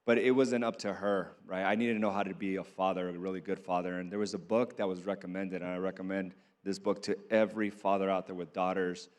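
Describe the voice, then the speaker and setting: Male panelist, lower pitch, thoughtful and halting delivery. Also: little pitch movement, a little mellow. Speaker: panel speaker. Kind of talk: reflective panel talk.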